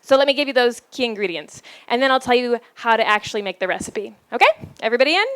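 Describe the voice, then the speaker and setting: A woman's voice: a little high, animated, fairly bright tone, clean tone, no echo. Playful, laughing woman giving a talk. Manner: playful, laughs often, builds up lines with pauses. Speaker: speaker giving a talk on relationships. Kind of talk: storytelling talk to a live audience.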